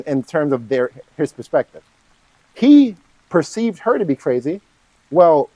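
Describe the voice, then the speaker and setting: His voice sits high, the audio is poor, and there's no echo as this channel host chats alone about a horror film. Rambling and animated, he moves between eagerness and hushed tones, regularly tossing in "right?"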